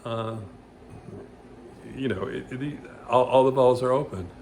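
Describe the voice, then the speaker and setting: A man teaching vocal exercises in a loose, rambling way, with many restarts and loud sung vowel demonstrations. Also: mid-range voice, normal speed, slight background noise. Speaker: vocal coach. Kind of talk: casual vocal lesson with demonstrations.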